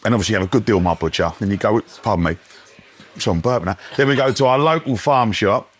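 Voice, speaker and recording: Fast-talking man, chatty. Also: fairly low pitch, husky. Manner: chatty storyteller, London slang. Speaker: guest. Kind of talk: casual chat. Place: pub.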